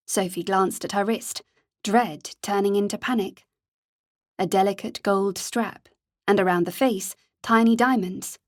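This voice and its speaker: The narrator is a woman reading an audiobook, her mid-range voice keeping a steady, measured storytelling rhythm. The sound is clean studio audio with no echo.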